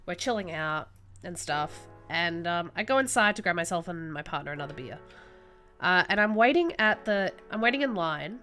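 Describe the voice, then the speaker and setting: A young woman telling a story while drawing, in an animated, swearing, casual way. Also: on the low side, moderate pace, faint music behind. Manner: animated, swears freely, acts out reactions. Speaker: streamer.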